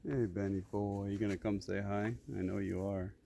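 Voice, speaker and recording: Farmer, male, soft doting pet talk outdoors; gravelly, warm-dark voice. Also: fairly low pitch, little pitch movement, normal speed, a little hiss or hum. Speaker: farmer talking to his animals. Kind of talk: casual chat to animals. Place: outdoors on a farm, shady pasture.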